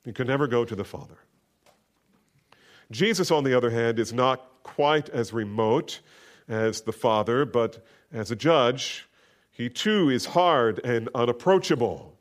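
A man delivering a sermon at a mid-range pitch. His delivery is emphatic, and his voice climbs and slows when he quotes scripture. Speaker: preacher.

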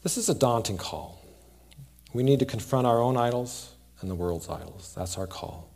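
Male pastor, mid-pitched voice, earnest church sermon with big swings from loud to hushed. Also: expressive, moderate pace, gravelly.

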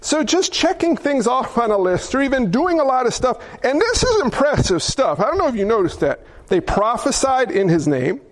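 A man's voice: extremely high pitch, big pitch swings, normal speed, few pauses. A man preaching a sermon, emphatic, asking rhetorical questions and acting out the people he quotes. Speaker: pastor.

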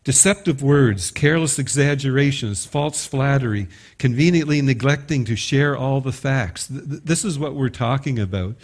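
Brief: middle-aged pastor, relaxed sermon storyteller, average male pitch. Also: moderate pace, hardly any pauses. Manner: conversational storytelling, occasional stumbles.

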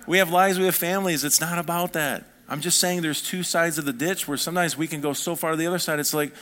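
Man preaching a lively sermon. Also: fairly high pitch, brisk. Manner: animated preaching, swinging between soft and fired-up. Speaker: pastor.

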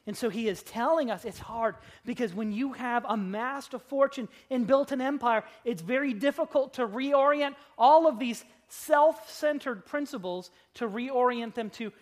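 A pastor preaching a sermon to a congregation in a church. They talk dramatically, with humorous asides, and swing from loud emphasis to hushed, low lines. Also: moderate pace, hardly any pauses. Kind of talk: expository sermon.

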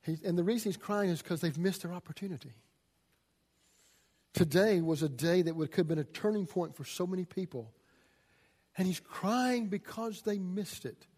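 A man preaching a sermon as a pastor, folksy and swinging from loud emphasis to hushed asides. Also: high voice, moderate pace.

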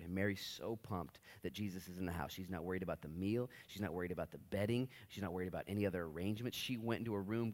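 A man preaching a sermon in a church, animated and joking, acting out short voices. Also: lowish voice. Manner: animated, jokey, acts out voices in bursts. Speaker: pastor.

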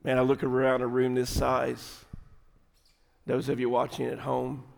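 A middle-aged man preaching a sermon, folksy and animated, dropping at times to a quiet, intimate tone. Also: mid-range voice, unhurried, vocal fry. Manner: folksy, animated storytelling with sudden drops to quiet, intimate delivery. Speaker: pastor. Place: large church sanctuary. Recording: long hall reverb.

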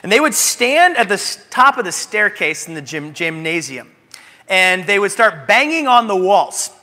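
A high, very bright male voice delivers an animated sermon, leaning into humorous stories. The long reverb of a church sanctuary trails behind his words. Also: moderate pace. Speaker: pastor.

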